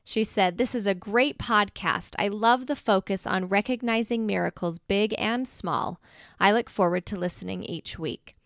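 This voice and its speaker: A woman's voice: mid-range voice, normal speed, creaky, a bit bright, no echo, studio quality. A woman hosting a faith podcast, talking in a gushing, tender way that edges into emotion. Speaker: podcast host. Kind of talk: faith podcast outro and interview.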